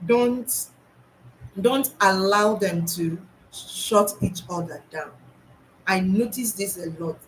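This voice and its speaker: A woman's voice: lowish voice, a little hiss or hum, poor audio. A woman school psychologist, talking earnestly to teachers about classroom practice, often restarting and repeating her points.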